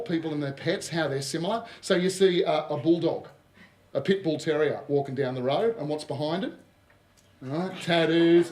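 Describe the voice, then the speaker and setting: A man with an Australian accent giving a lively workshop presentation to a live audience, joking and throwing in asides. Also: on the high side. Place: large room with live audience. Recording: roomy echo of a hall.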